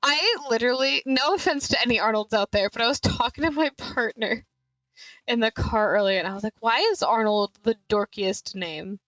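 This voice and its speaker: A woman's voice: fairly high pitch, animated, brisk, a bit bright, dry recording, poor audio. A woman streamer chatting and rambling in asides while playing a story game live.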